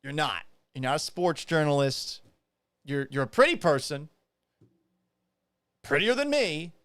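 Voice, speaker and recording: Loud, high-pitched ranting male host. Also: moderate pace, no room sound. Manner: yelling, profane, exasperated. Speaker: radio broadcaster and show host.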